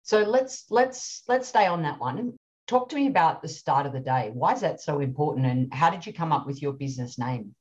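An Australian woman hosting a podcast interview, upbeat and encouraging as she asks follow-ups. Her voice is strikingly low for a woman. The audio is dull and lo-fi. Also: expressive, moderate pace. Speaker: podcast host.

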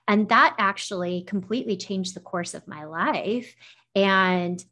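A woman's voice: medium pitch, a little slow, pushed and bright. A woman talking as a podcast guest, recounting a personal experience in an effusive, emotional way with many "like" fillers. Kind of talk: personal storytelling in conversation.

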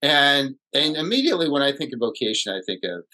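A man co-hosting a casual podcast, speaking reflectively and haltingly with restarts, recorded in a hall. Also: mid-range voice, sing-song, sharp tone. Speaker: podcast co-host.

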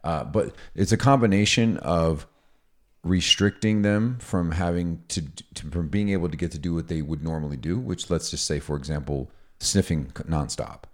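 A man co-hosting a casual podcast, explaining dog training in an energetic, chatty way. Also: low voice, normal speed. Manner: energetic, explanatory, acts out dialogue.

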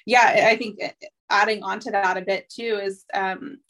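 A woman's voice: mid-range voice, fairly even intonation, moderate pace, a bit bright. A woman in her thirties, a therapist hosting a podcast, talking things through in a thoughtful, reflective way with plenty of fillers. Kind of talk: casual conversation.

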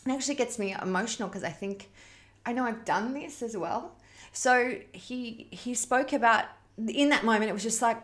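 A woman's voice: fairly high pitch, moderate pace, fairly bright tone. A woman hosting a parenting challenge, telling a story to her online audience in an earnest, heartfelt, conversational way.

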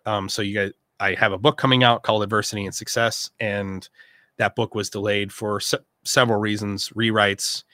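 Bright, rambling man hosting a live session. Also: on the low side, flat delivery, normal speed, no echo. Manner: rambling, loose with fillers and restarts. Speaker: host of a members' live session. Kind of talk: casual live-stream talk.

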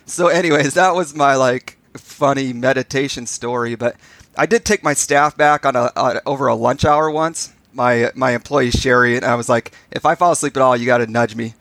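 A man's voice: medium pitch, normal speed, no room sound. A man co-hosts a podcast and tells stories with animation, playing out the back-and-forth as he goes. His voice sits in a middle range, and the recording is dry and close to the mic. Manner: animated storyteller, acts out dialogue. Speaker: podcast co-host. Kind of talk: casual storytelling chat.

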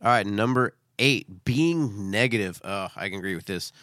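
A man with a lowish but bright, forceful voice that swings widely in pitch as he co-hosts a relaxed chat. He reads points from a list and adds his own take, recorded dry and close. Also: normal speed, no echo. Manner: reads list items aloud, then comments. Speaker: podcast co-host. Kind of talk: casual chat, reading a list.

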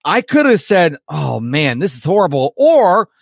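A male podcast host makes his points emphatically. His voice is a little high. The sound is dry and close, with no room echo. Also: sing-song, a little slow, vocal fry. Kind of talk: casual interview.

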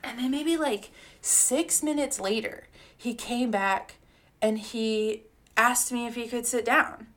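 A woman's voice: on the high side, slow pace, a bit bright. A woman co-hosting a podcast, telling a personal story in a casual, heartfelt way with many fillers and some swearing. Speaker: podcast co-host.

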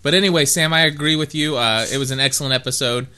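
A man's voice: a little high, quick pace, sharp tone, clean tone. Rambling, jokey podcast host man. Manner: rambling, self-mocking, jokey. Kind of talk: casual chat.

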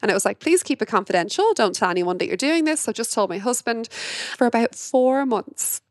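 An Irish woman hosting her own podcast, talking fast and passionately in a casual monologue. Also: on the high side, animated, no echo, clean studio sound. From Ireland. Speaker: podcast host.

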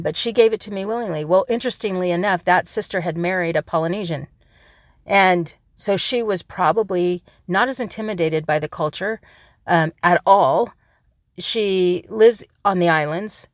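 A woman's voice: lowish voice, no room sound, clean studio sound. A middle-aged woman telling a personal story in an earnest, reflective way, often restarting her sentences.

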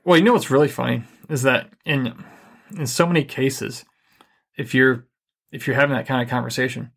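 A middle-aged man co-hosting a podcast, giving relationship advice in a calm, even, deliberately unhurried way. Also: medium pitch, gravelly. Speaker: podcast co-host. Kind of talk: casual advice chat.

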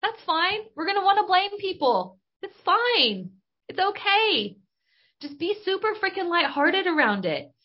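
A woman's voice: very high voice, big pitch swings, measured pace. Bubbly woman podcast host, lo-fi sound. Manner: bubbly, enthusiastic, casual with mild slang. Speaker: podcast host and business coach. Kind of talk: spiritual coaching monologue. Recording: dull lo-fi recording.

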